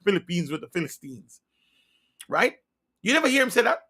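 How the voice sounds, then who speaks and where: Guy preaching a sermon, high gravelly voice, fired up, keeps asking questions and drops to a whisper sometimes. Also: sing-song, brisk. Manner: fervent and insistent, with repeated rhetorical questions; swings between loud emphasis and hushed near-whispers.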